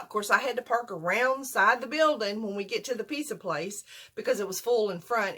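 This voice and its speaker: An older woman with a drawl tells a long, winding story to her camera at home. She rambles in a folksy way, laughing at herself and circling back with "so anyway." Her voice sits at a middling pitch. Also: a bit bright. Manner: rambling, folksy, self-deprecating. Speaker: vlogger. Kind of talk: casual storytime.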